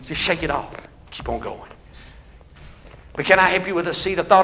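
A man preaching a sermon with call-and-response that builds into shouting. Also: high voice, normal speed.

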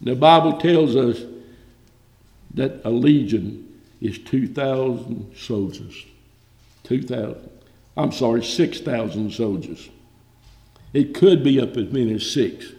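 A man preaching a sermon with passion, surging loud and high, then dropping low. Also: slow pace, vocal fry, long pauses. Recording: echoey hall reverb.

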